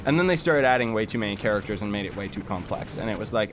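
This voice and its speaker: A man's voice: lowish voice, very animated, fast talker, fairly bright tone, slight background noise. A young man from Canada chatting casually while livestreaming a game, reading chat messages aloud and making jokey asides. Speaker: livestreaming gamer.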